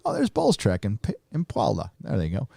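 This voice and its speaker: A man's voice: lowish voice, wildly swooping pitch, fairly quick, creaky, mellow, slightly rough, no echo, studio quality. A middle-aged man hosting a live stream, chatting casually and reading viewer messages, with a loose, rambling delivery full of restarts. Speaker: host reading super chats.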